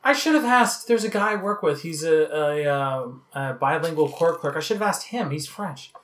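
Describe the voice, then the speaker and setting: A man's voice: on the high side, animated, moderate pace, a bit bright. A man from Canada co-hosting a casual music podcast, chatting and reading out researched facts about a band. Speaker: podcast co-host. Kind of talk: casual chat.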